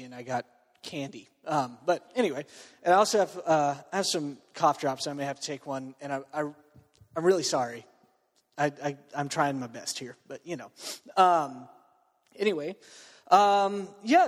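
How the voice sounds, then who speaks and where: A man from Texas gives a loose, joking sermon to a student crowd while fighting a cold, stumbling through restarts and fillers. His voice sits high for a man. It rings out with a long reverb through a large room. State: under the weather with a cold. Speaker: preacher. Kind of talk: casual sermon to a student group.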